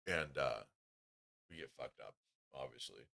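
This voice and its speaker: A man's voice: very deep voice, measured pace, creaky, sharp tone. A man telling profane, rambling anecdotes in a casual podcast chat.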